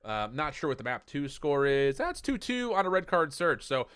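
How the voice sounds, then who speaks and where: A man's voice: a little high, very animated, normal speed, fairly bright tone, clear, resonant tone, dry recording. Male esports co-caster, casual and joking, rambling delivery, dry booth sound. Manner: chatty, jokey, rambling with fillers.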